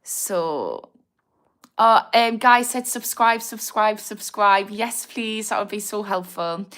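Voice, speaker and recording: A woman with a Newcastle accent, a therapist hosting a casual livestream, chatting warmly and laughing often as she answers her viewers. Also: medium pitch, expressive, takes it slowly. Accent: Newcastle (Geordie). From north of England. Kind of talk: casual livestream chat, reading out viewer comments.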